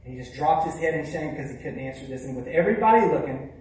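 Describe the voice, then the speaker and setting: A man tells a motivational story from the stage, high-voiced for a man. He hits some lines hard and drops others to a hush. The sound is echoey, like a big hall heard from far off. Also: lively intonation, fast talker. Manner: emphatic, swings between loud punches and hushed lines. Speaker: keynote speaker. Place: large hall.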